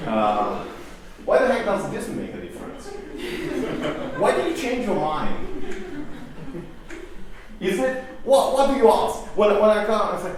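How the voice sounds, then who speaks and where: A man's voice: sits high, big pitch swings, moderate pace, pauses often. A man giving a conversational conference talk, often asking the audience rhetorical questions and restarting his phrases. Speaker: conference speaker. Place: conference hall. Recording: echoey hall, distant mic, faint noise.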